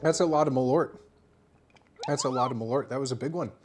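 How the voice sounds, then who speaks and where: A tipsy livestreamer chatting casually with viewers from home, breaking into loud excited yelps and shouts. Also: medium pitch, brisk. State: tipsy from drinking. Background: music playing.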